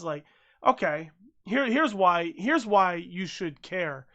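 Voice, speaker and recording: An American podcast host giving casual, profane commentary that swings from mumbled asides to loud rants. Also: mid-range voice, lively intonation, a little slow, creaky, highs cut off. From United States.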